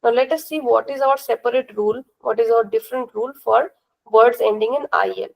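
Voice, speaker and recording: A young woman with an Indian accent teaches a class, going over each point patiently and repeating it before asking the students a question. Her voice sits a little high and carries a noticeable gravelly fry. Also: fairly quick, low-quality recording. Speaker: language teacher. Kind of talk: classroom lesson explanation.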